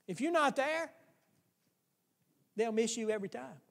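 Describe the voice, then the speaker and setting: A man preaching a folksy, animated sermon in a church. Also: extremely high pitch, a little slow, gravelly, long reverb tail. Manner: folksy, animated, acts out playground voices. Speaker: pastor.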